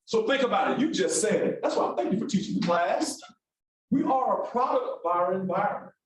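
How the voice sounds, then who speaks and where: A man from Alabama leading an interactive classroom workshop, brisk and animated as he calls on the room. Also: high voice, very echoey, recorded from a distance, rough recording. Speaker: workshop instructor. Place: large echoey classroom.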